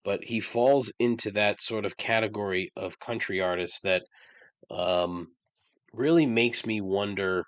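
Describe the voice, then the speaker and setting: A man's voice: on the low side, measured pace, a bit bright, clean tone, dry recording. A man hosting his own podcast, ranting about songs he hates with sarcasm and frequent swearing. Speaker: podcast host. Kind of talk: casual monologue.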